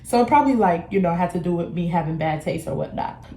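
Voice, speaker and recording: A woman's voice: lowish voice, animated, quick pace, mellow, reverberant. Slangy young woman telling a storytime. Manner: slangy, candid, acts out quoted dialogue. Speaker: beauty vlogger. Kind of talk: casual storytime.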